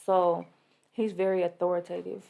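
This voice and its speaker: A woman with a gravelly, fry-heavy voice tells stories as a podcast guest. She swears freely and slips into other people's voices as she talks. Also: lowish voice, moderate pace. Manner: animated storyteller, profane, acts out voices. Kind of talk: casual podcast chat.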